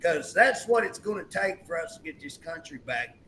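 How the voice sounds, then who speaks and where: A man's voice: a little high, expressive, normal speed, bright, forceful tone, a little hiss or hum, rough recording. A male talk show host chatting emphatically, retelling a story and acting out the quotes. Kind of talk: political talk show chat.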